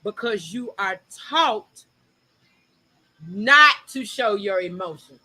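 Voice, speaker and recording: A woman co-host holds forth in casual chat. Her voice is bright and forceful, and she talks in an animated, opinionated way, rushing ahead when she presses a point. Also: medium pitch, slightly rough, poor audio. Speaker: podcast co-host.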